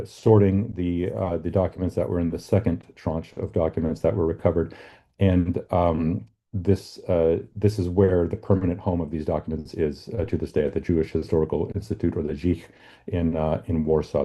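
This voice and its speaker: A middle-aged man giving an academic book talk with slides, speaking haltingly with many fillers and repeated words. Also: low-pitched, warm tone.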